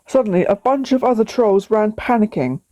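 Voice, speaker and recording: A woman's voice: medium pitch, lively intonation, fairly quick, mellow. A woman reading her own children's story aloud, plainly, with small slips. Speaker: storybook reader.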